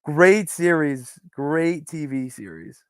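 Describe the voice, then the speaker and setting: A man in his twenties chatting casually, with joking, deadpan asides. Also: a little high, slow, smooth, no echo, clean studio sound. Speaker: panelist. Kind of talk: casual chat.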